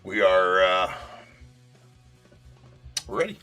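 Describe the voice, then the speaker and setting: A man's voice: sits low, animated, slow, sharp tone, faint music behind. A man hosting a live-stream card break, talking loosely and casually, swearing and then jokingly apologizing. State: sore tooth.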